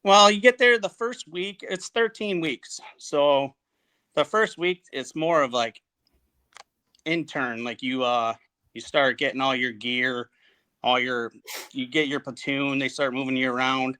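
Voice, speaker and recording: A man in his forties from upstate New York tells his story in a casual interview. His voice is bright and forceful. He speaks plainly and halts often, restarting his sentences. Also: mid-range voice, clear, resonant tone. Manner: halting, plainspoken, many fillers and restarts. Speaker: guest, Marine veteran.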